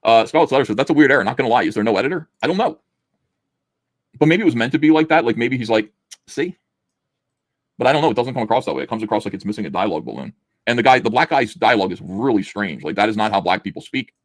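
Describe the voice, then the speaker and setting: A man's voice: fairly low pitch, expressive, fast talker, no room sound. A man hosting a comic book review, chatting casually with sarcastic jokes and laughter, acting out the panels as he reads. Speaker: host reviewing comic books. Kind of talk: casual review chat, reading aloud.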